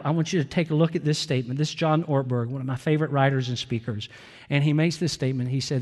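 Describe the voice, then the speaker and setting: A male pastor delivering an earnest Wednesday night sermon in a church, slow and emphatic with pauses. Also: a little high. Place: church sanctuary. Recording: reverberant church hall.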